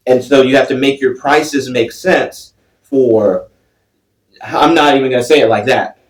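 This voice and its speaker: A man's voice: medium pitch, a little slow, recorded from a distance. A man co-hosting a podcast, explaining business and budgeting step by step in a casual teaching manner. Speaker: podcast co-host, financial advisor. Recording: echoey room, off-mic.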